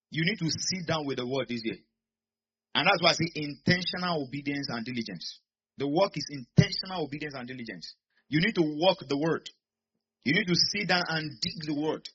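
Husky pastor preaching emphatically. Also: male voice, a little high, a bit bright. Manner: emphatic, repeats lines to the congregation. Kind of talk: sermon with call-and-response. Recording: dull lo-fi recording.

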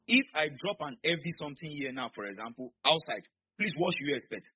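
A Nigerian man preaching a sermon in church, swinging between quiet asides and sudden shouts. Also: on the high side, sing-song, fairly quick, slightly rough, highs cut off. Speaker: pastor.

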